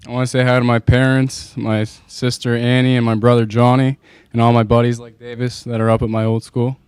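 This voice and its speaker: A young man in his late teens, a graduating student, answering in a flat, slightly hesitant way. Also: medium pitch, fairly quick, smooth, no room sound.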